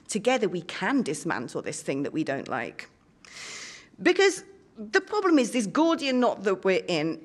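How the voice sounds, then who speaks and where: A woman giving a rousing, defiant political speech on a conference panel, emphatic and rhetorical. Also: a little high. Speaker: panel speaker. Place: conference hall.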